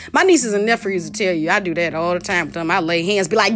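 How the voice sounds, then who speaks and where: Animated woman teaching scripture. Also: on the low side, fast, hardly any pauses, faint music behind. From Detroit, USA. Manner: animated, laughing, slangy storytelling. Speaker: podcast host. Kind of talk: casual Bible teaching.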